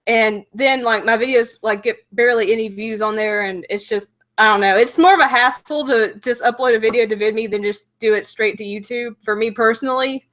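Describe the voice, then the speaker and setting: Bright-voiced chatty young woman host. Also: a little high, a little fast, few pauses. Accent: Southern US. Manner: chatty, apologetic, lots of "like". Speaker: livestream host. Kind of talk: casual livestream chat.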